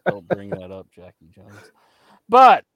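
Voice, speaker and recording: A man's voice: a little high, huge pitch swings, takes it slowly, a bit bright. A man co-hosting a wrestling podcast, chatting casually and ranting with a lot of profanity. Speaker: podcast co-host. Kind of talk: casual chat.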